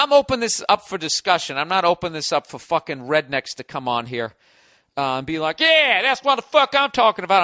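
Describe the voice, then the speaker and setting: A man's voice: fairly high pitch, pushed and bright, dry recording. A man hosting a podcast, delivering a sarcastic, profane comedic rant. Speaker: podcast host.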